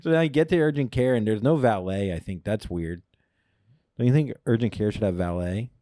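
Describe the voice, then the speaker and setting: A man co-hosting a casual comedy podcast, telling a story with lively jumps in pitch and swearing. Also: brisk, no echo, studio quality. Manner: animated storytelling, acts out quoted voices. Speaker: podcast co-host.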